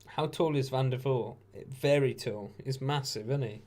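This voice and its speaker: A man's voice: mid-range voice, moderate pace, a little mellow. A tired man hosting a live watch-along stream, giving laid-back, chatty commentary with jokey asides. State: tired, yawning. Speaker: stream host.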